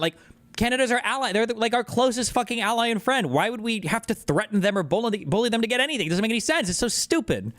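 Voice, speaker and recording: A man's voice: sits high, expressive, fast, fairly bright tone. A man in his thirties streaming political reaction commentary, ranting in a heated, profane and exasperated way.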